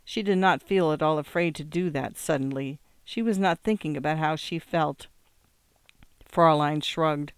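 A reader giving measured, scripted narration of a novel. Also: mid-range voice, clean tone, dry recording. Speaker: audiobook reader.

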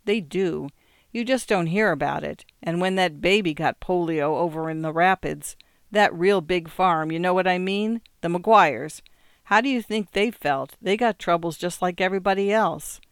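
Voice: mid-range voice, moderate pace, clean tone, dry recording, clean studio sound, lightly acted. A narrator voicing a nervous young farm woman who pleads and rambles, in an audiobook reading. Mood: pleading. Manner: earnest, anxious, rambling.

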